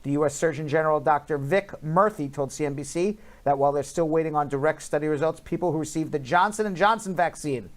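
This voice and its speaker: A man's voice: a little high, fast talker, hardly any pauses. Male host, casual headline chat, playful delivery, leans on figures. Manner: chatty, jokey, drawls out numbers.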